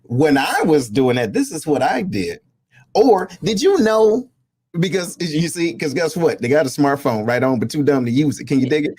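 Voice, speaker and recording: A man's voice: fairly high pitch, normal speed, husky, no room sound. A man hosting a casual talk show, slangy and preachy, often calling out to his audience. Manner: animated, preachy, slangy, fond of calls to the audience. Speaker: show host.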